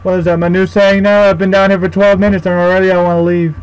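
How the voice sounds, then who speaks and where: A man's voice: high voice, level tone, fast talker, smooth, low-quality recording. A young man commentating a horror game as he plays, frightened, swearing and talking to himself. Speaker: gaming YouTuber.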